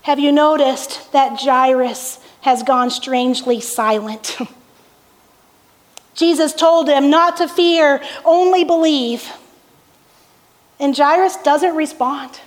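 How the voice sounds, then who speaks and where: Woman pastor, very high voice, slow deliberate sermon, rhetorical questions, long echoey hall reverb. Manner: storytelling with rhetorical questions and soft laughs.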